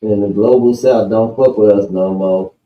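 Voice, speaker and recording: Guest on a stream, casual slang, roomy echo, dull audio. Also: male voice, fairly low pitch, fairly even intonation, moderate pace. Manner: agreeable, slangy interjections. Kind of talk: casual commentary chat.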